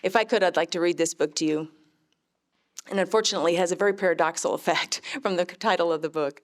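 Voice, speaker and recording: A middle-aged woman, a mother, telling her faith testimony in an earnest, heartfelt, measured way. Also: lowish voice. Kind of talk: personal testimony storytelling.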